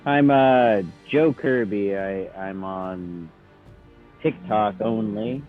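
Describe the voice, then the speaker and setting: A man's voice: lowish voice, slow, narrow, tinny audio, soft background music. A young man playing in a tabletop game, joking and casual. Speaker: player. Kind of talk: casual chat.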